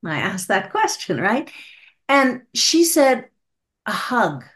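Casting: higher-voiced woman, expressive storyteller, podcast guest. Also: slow pace. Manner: animated storyteller, acts out clients' lines. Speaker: clinical psychologist guest. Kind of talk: podcast interview.

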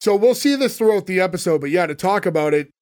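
A high-pitched man chatting loosely on a podcast. He rambles, restarts his sentences, and fills every pause with "like". His voice sits well above the usual male range. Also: animated, darkish tone. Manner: rambling, many "like" fillers and restarts. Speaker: podcast host recapping a sitcom. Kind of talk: casual podcast chat.

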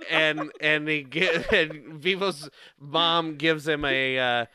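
A man's voice: on the high side, fairly even intonation, slow, sharp tone. A man casually retelling a movie plot in a rambling, playful way, with frequent laughs and filler words.

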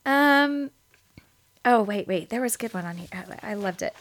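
A woman's voice: a little high, animated, moderate pace. A woman co-hosting a podcast in casual chat, laughing often and rambling, a bit short of breath after an infection. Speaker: podcast co-host.

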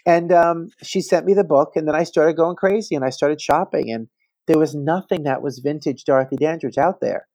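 A man in his fifties from New Jersey, a stylist telling animated, gossipy anecdotes as a guest on a casual podcast. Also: fairly high pitch, moderate pace, no room sound. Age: 50s. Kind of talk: casual interview storytelling.

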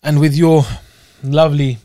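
A man's voice: on the high side, flat delivery, moderate pace, mellow, no echo, studio quality. A young man from Scotland co-hosting a podcast in loose, rambling, jokey chat. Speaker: podcast co-host. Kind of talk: casual chat.

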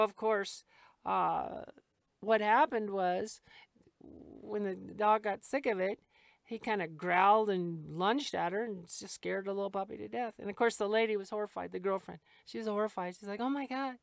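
Middle-aged lady dog trainer, gravelly voice, chatty and blunt, dry close sound. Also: mid-range voice, fairly even intonation, normal speed, dry recording. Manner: frank, chatty, laughs easily while explaining. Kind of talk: casual explanatory talk.

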